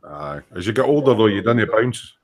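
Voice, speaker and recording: Low-voiced Scottish man teasing. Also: lively intonation, normal speed. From Scotland. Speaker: host of a live stream. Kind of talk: casual banter.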